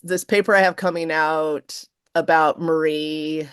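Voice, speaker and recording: A middle-aged woman professor speaks in an interview with a slightly low voice. She is animated and expressive, leaping up in pitch to act out quoted lines. The sound is close and dry, with no room around it. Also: a little slow, smooth, dry recording. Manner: animated, acts out quotes with big pitch jumps. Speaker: guest professor. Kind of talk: casual interview chat.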